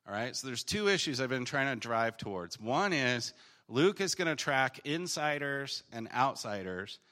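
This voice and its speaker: A man teaching through a Bible passage in a casual, conversational way, paraphrasing the text in slangy voices and swinging between emphatic bursts and quiet reading. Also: mid-range voice, very animated, moderate pace. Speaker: preacher teaching on the Gospel of Luke.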